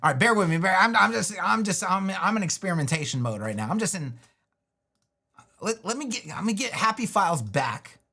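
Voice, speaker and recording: Animated and a little fast, a man narrates his thoughts while building a website live on stream. His high-pitched voice sounds pushed and bright. He's talkative and loose, with lots of restarts and small jokes to himself.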